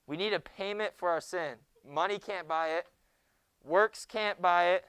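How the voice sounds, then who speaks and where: A young man teaching a junior high Bible class in a classroom, joking with the students and often hushing them. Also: a little slow, smooth, no echo. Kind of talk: classroom lecture.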